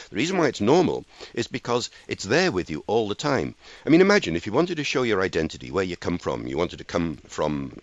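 A man who is an author and linguist, a guest on a radio show, explaining ideas in an expressive lecturing manner. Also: on the low side, no echo, dull audio.

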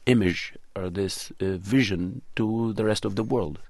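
Deep-voiced earnest male filmmaker. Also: measured pace, a little mellow, no echo. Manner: earnest, thoughtful, searching for words. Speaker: documentary film producer and cinematographer. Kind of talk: interview answers.

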